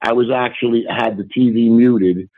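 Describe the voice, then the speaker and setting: Excitable male caller on a tinny phone line. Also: mid-range voice, normal speed, husky. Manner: excitable, swears freely. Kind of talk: casual phone-in chat.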